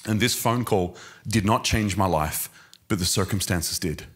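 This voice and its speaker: A man preaching a sermon, telling stories with passion and moving between quiet and loud. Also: deep voice, a little slow, breathy edge. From Australia. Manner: impassioned storytelling, swinging between quiet and loud.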